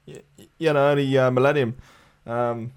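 A man's voice: mid-range voice, steady tone, moderate pace, clear, resonant tone. A young man co-hosting a casual podcast, hesitant and full of ums and restarts. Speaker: podcast co-host. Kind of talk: casual chat.

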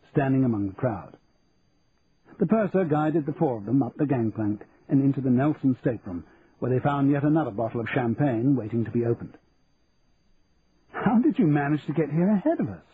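A man reading an audiobook in an even, measured storytelling manner, over a tinny line with faint hiss. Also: mid-range voice. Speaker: audiobook narrator. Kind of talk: scripted audiobook narration.

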